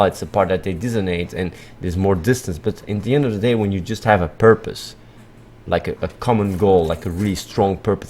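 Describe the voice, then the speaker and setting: Man, a streamer, rambling off the cuff with a low voice, blunt and sweary, with faint background hum. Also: a little mellow. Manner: rambling, repetitive, lots of filler and restarts. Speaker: livestream host. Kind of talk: casual livestream monologue.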